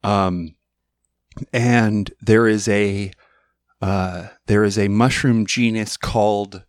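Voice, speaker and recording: A man hosting a podcast, chatting casually and explaining at length, quick to laugh. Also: fairly low pitch, fairly even intonation, no room sound, clean studio sound. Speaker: podcast host. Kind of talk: casual conversation.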